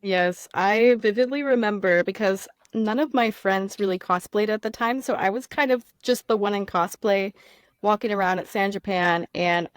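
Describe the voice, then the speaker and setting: Relaxed woman guest, dry close sound. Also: medium pitch, normal speed, dry recording. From Texas. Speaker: podcast guest. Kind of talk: casual podcast chat.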